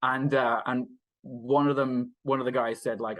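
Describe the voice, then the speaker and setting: A rambling man in a relaxed podcast chat. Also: medium pitch, unhurried. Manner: rambling with many fillers and restarts, laughs often. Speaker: podcast co-host. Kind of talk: casual film review chat.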